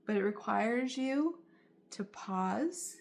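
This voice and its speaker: A woman's voice: fairly high pitch, animated, takes it slowly, vocal fry. A woman giving a tarot reading straight to her viewers, in a soothing, reassuring way and often repeating her phrases. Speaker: tarot reader.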